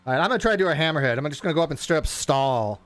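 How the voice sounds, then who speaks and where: A man narrates his flight-sim session in a loose, rambling way, with a slightly high and very lively voice. He often restarts his sentences. The sound is dry and close to the mic. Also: very fast, no echo. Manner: rambling, self-interrupting, excitable. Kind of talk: casual live gameplay commentary.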